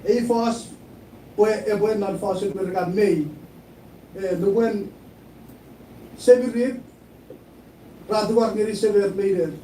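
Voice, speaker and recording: High-voiced preaching man in an echoey room. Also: fairly even intonation, a little slow, pauses often, mellow. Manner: preaching, mixing English with Chuukese, repeating phrases. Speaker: pastor. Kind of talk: sermon. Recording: echoey room, mic at a distance, faint noise.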